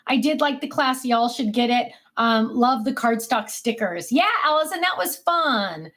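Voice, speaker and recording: This time the middle-aged craft livestream host sounds animated and a bit bright, speaking a little slowly. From her home office she reads viewer comments and rambles, full of ums, occasionally calling her dogs in a high sing-song voice.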